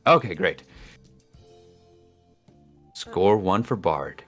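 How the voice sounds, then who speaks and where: A man's voice: low voice, lively intonation, very slow, a bit bright, soft background music. A man chatting as a guest on a casual livestream, playful, laughing often and trading puns.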